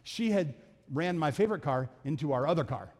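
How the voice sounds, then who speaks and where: Folksy middle-aged male pastor, fairly high voice, storytelling sermon, echoing church hall. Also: expressive, fairly quick, a little mellow, a little hiss or hum. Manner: folksy, acts out family voices in his story. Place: church sanctuary. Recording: reverberant church hall with faint music.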